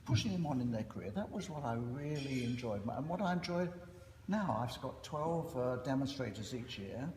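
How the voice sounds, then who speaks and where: An older man with a Cockney accent giving an anecdotal, self-deprecating after-dinner speech with frequent pauses. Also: mid-range voice, animated, a little mellow. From East End of London. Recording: echoey hall with noise.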